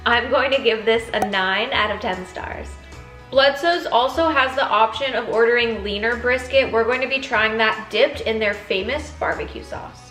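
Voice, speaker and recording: A young woman hosting an upbeat food review vlog. Her voice sits a little high, and she sounds eager as she stops to taste things. It is recorded in an echoey room with faint music underneath. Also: fairly bright tone. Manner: enthusiastic, tasting food between lines. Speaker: food vlogger.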